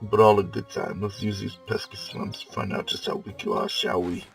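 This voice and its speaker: A man voicing a cynical, greedy male talking magic bag in a put-on New York or Boston accent, with gruff tough-guy talk. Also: fairly low pitch, flat delivery, normal speed, faint music behind, low-quality recording. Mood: sardonic.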